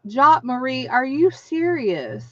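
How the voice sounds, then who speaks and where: A woman hosting a casual craft livestream, chatty and excitable, laughing often and reading out viewer names. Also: sits high, takes it slowly, dry recording. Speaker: craft channel host. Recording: dry, dull lo-fi sound.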